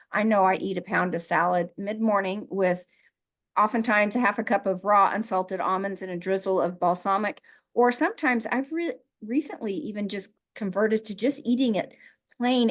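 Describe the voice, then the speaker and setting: A middle-aged woman from the American Midwest, co-hosting a casual podcast conversation, emotional and laughing easily as she talks. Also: mid-range voice. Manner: emotional, laughs while talking. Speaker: podcast co-host.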